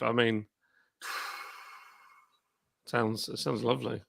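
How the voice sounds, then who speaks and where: A man who co-runs a brewery, telling relaxed stories in a casual pub live stream chat. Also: mid-range voice, normal speed, dry recording. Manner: relaxed storytelling, trails off with ums. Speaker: brewery owner and co-host.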